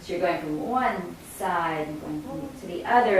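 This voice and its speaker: A woman's voice: on the low side, expressive, moderate pace, slight background noise. A woman choir director explaining rhythm and breathing to singers and singing example phrases. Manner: explains and sings demonstration phrases. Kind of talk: choir rehearsal instruction. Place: rehearsal room. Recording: echoey room from far off, faint ambience.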